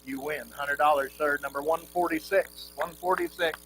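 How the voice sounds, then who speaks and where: A man works a charity quilt auction, rattling off bids in a quick rhythmic chant and coaxing the crowd toward the next number. His voice sits a little high for a man. Crickets and insects buzz clearly behind him on the outdoor livestream. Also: fairly even intonation, noisy background. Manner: rapid rhythmic bid chant. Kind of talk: live charity auction calling.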